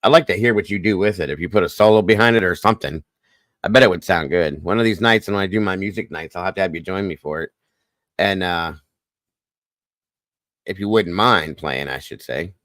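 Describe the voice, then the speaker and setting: Fast-talking folksy male stream host. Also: sits low, fairly bright tone, no room sound, clean studio sound. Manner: fast, folksy greetings with Southern-style phrasing. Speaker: livestream host. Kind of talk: casual livestream shout-outs.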